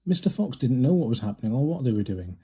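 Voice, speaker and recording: A man narrating a children's storybook aloud with a steady, lively manner. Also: medium pitch, fast, breathy edge. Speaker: reader.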